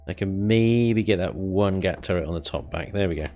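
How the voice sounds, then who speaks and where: A man's voice: low-pitched, normal speed, darkish tone, a little hiss or hum. A man chatting casually while live-streaming a building game, thinking aloud and chuckling often.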